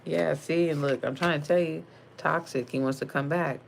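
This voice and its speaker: A woman's voice: low voice, fairly even intonation, normal speed, creaky, a little hiss or hum. A young woman giving a casual tarot reading, blunt and slangy with lots of profanity, calling the viewer sis. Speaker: tarot card reader.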